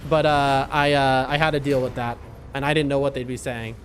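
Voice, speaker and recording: A man's voice: medium pitch, flat delivery, a little fast, slight background noise. A man chatting casually as a game streamer, telling a rambling story and reacting to his gameplay with frequent laughs and restarts.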